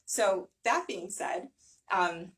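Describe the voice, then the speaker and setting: A woman's voice: medium pitch, expressive, extremely slow. A woman giving a casual talk to a small audience, chatty, with many fillers and frequent "right?". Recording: voice from some distance.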